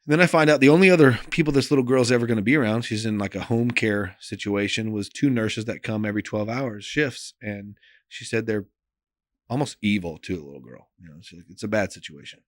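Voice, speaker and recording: A man, a pastor, telling a personal story in an interview in an earnest, emotional way, often trailing off soft and quiet, with loose phrasing and many fillers. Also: lowish voice, brisk, no room sound, clean studio sound.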